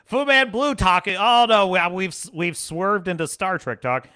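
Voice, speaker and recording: A man hosting a livestream show, chatting casually in a rambling, animated way and laughing often. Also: high voice, measured pace, smooth.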